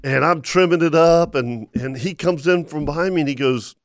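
Man host, higher voice, dry studio sound. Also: normal speed, no echo. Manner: rambling storyteller with many restarts. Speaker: radio show host. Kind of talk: casual radio chat. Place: radio studio. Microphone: studio mic.

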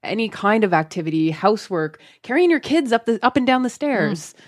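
A woman's voice: a little high, sing-song, fairly quick, no room sound, studio quality. A woman guest on a podcast chat, emphatic and advice-giving, swearing for emphasis. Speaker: guest panellist. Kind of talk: casual chat.

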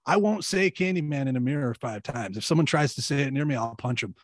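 A man's voice: mid-range voice, lively intonation, quick pace, dry recording. A man co-hosting a podcast in casual chat, blunt and emphatic. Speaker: podcast co-host.

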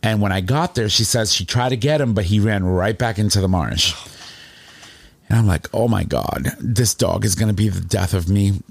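Low, dry-voiced man telling a story. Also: moderate pace, gravelly, breathy edge, no room sound. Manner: animated, rambling, emotional storyteller. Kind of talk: casual storytelling chat.

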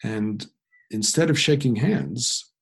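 A man's voice: fairly low pitch, lively intonation, slow, husky. A man telling a personal story in a reflective, self-deprecating way. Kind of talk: personal anecdote.

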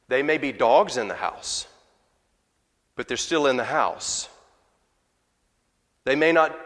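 Conversational pastor in a reverberant church. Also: male voice, medium pitch, fairly bright tone. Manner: conversational, with rhetorical questions. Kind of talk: sermon. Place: church sanctuary.

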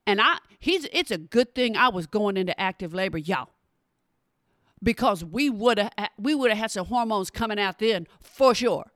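Animated woman telling a story. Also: medium pitch, normal speed, no room sound, clean studio sound. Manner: animated, emphatic, talks straight to listeners. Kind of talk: casual personal storytelling.

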